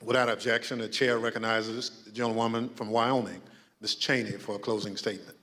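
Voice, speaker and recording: A man chairing a congressional hearing, speaking in a measured, formal way. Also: lowish voice, flat delivery, fairly bright tone, long reverb tail. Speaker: committee chairman.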